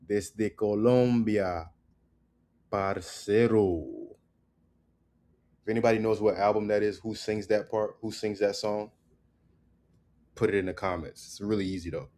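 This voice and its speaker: A man giving a casual spoken language lesson, loose and repetitive, tagging "right?" onto his points and drilling words slowly. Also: lowish voice, level tone, a little mellow. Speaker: language teacher.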